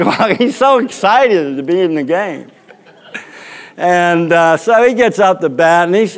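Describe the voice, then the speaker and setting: A man with a fairly high voice preaches through a long, comic story of his own. He rambles with many restarts and often breaks into laughter, his pitch swinging up and down. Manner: animated, rambling anecdote with frequent laughter. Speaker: pastor. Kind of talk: storytelling sermon.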